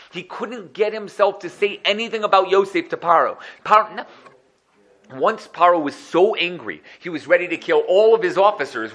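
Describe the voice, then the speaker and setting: A man, a rabbi, teaching a religious text lesson, walking through one commentary after another with animated, acted-out quotes. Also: fairly high pitch.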